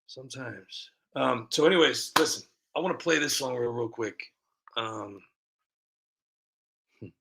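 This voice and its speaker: Gravelly, bright-toned male streamer. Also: mid-range voice. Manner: rambling, breaks into quick voice impressions; reads viewer comments aloud. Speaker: livestream host. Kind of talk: casual livestream chat.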